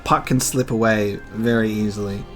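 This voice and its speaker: A man's voice: on the low side, steady tone, moderate pace, fairly bright tone, faint music behind. A man hosting a casual manga read-along, chatty and musing, often laughing and trailing off with fillers. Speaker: reaction channel host.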